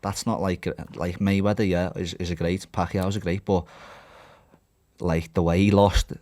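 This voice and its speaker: Blunt, sweary lad, low voice. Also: male voice, flat delivery, moderate pace, warm tone. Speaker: podcast host and fighter. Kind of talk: casual sporty banter. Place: indoor podcast studio.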